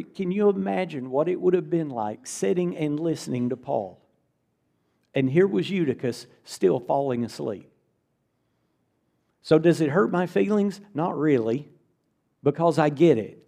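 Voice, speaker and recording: A man's voice: a little high, measured pace, vocal fry, warm tone. A middle-aged man preaching a conversational, earnest sermon to a church congregation, often repeating words for emphasis.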